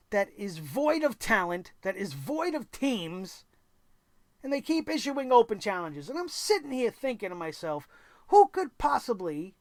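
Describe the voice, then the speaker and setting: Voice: mid-range voice, no echo. A wrestling show host giving an exasperated, sarcastic recap rant, swearing freely and firing off incredulous questions. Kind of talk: ranting wrestling recap commentary.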